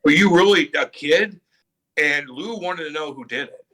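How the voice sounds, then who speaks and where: A middle-aged man with a bright, forceful voice spins animated stories in a casual podcast chat. He acts out every quote, swears freely, and keeps the tale rolling with lively energy. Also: on the high side, moderate pace. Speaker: former pro hockey player, guest.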